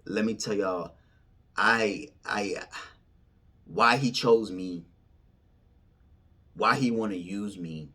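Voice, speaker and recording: A man telling a personal story in casual slang, swinging from loud excitement to hushed whispers. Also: fairly low pitch, takes it slowly, long pauses, breathy edge. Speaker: storyteller recounting a vision.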